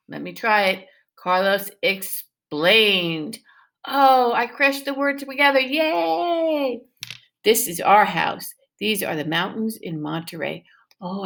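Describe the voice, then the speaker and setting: A woman teaching first grade, reading a picture book aloud to young children and coaxing them with questions. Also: on the low side. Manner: animated and encouraging, with exaggerated questions to the class.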